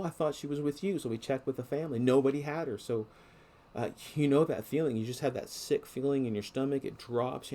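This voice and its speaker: A man's voice: mid-range voice, mellow. A middle-aged man preaching a sermon in an earnest, conversational way, restarting phrases often.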